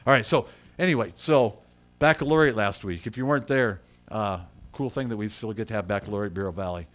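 A middle-aged man preaching a sermon in a conversational way and calling on people in the congregation by name. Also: medium pitch. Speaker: pastor.

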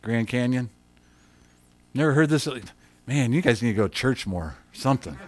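A man preaching a sermon as a story, chatty and repetitive, breaking into loud acted shouts. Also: mid-range voice, normal speed. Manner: animated storyteller who shouts quoted lines; conversational, repeats himself.

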